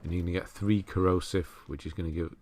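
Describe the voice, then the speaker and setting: Male game walkthrough host, deep voice, casual and self-deprecating. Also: fast. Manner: relaxed, chatty, laughs at himself, self-correcting. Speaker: walkthrough commentator. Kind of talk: casual gameplay commentary.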